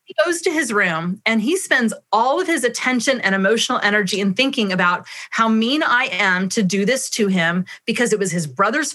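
A woman's voice: on the high side, a bit bright. A middle-aged woman answering interview questions about parenting, explaining at length and acting out her talks with her children. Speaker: parenting expert guest.

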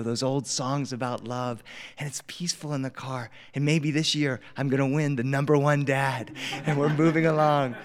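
Animated male storyteller in a reverberant studio. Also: mid-range voice. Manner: animated, swings from loud to whispering. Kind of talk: live storytelling performance. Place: studio with audience.

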